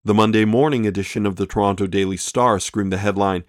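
A man telling a true-crime story in dramatic, measured scripted narration as the podcast host. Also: on the low side, steady tone, dry recording, clean studio sound.

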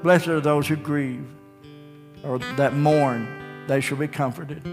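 A man's voice: a little high, fairly even intonation, slow pace, gravelly. Folksy preacher man, reverberant sanctuary. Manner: folksy storytelling preacher, jokes with the congregation. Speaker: pastor. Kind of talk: sermon. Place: church sanctuary. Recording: live church sound with long reverb and faint guitar.

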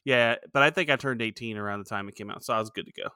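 A man's voice: medium pitch, racing, sharp tone, smooth, dry recording, clean studio sound. A man in his forties co-hosting a podcast in casual, joking chat and laughing often. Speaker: podcast co-host.

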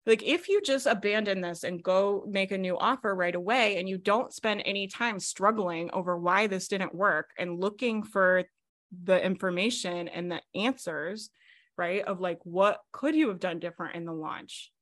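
A woman coaching a student over a video call, her voice bright and forward. She talks quickly and animatedly and uses lots of fillers. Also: medium pitch. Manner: fast, animated, filler-heavy coaching talk. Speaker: business coach.

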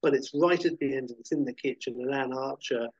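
Husky guy gushing about movies, dry close sound, kinda muffled lo-fi. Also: mid-range voice, fast, no room sound. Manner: enthusiastic, animated when retelling scenes. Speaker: podcast co-host. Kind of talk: casual film chat.

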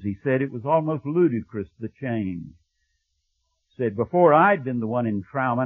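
A man's voice: husky, no echo. Man preaching over tinny dry audio. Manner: storytelling, drops to a hushed low voice when quoting. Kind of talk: sermon. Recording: thin phone-like audio, dry.

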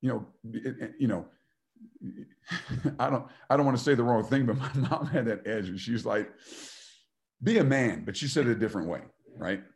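A man's voice: mid-range voice, normal speed. A middle-aged man, a former football player and coach, giving a motivational talk and telling stories, acting out the voices he quotes and laughing often.

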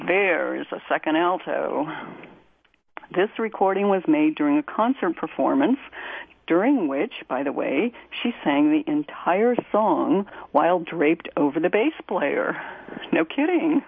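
A woman radio host reading a poem aloud in a measured, deliberate way and introducing a song. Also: deep voice, creaky, breathy edge. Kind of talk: poetry reading and music introduction. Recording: tinny phone-like line.

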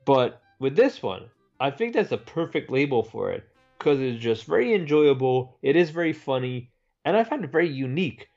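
A man's voice: mid-range voice, big pitch swings, moderate pace, a little mellow, lo-fi sound, faint music behind. A man co-hosting a film podcast in casual discussion, bantering and swearing freely. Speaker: podcast co-host.

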